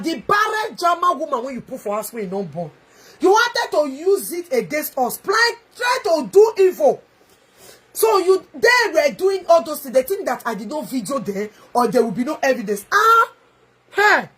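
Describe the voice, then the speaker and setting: A woman with a Nigerian Pidgin English accent, ranting angrily in a video, taunting and mocking with shouts and a sing-song edge. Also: high-pitched, sing-song, moderate pace. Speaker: online video ranter. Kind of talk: angry livestream rant.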